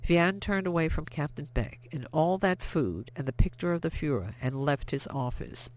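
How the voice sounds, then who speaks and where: An audiobook narrator reading a novel aloud in steady, expressive scripted narration. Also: mid-range voice, moderate pace, few pauses.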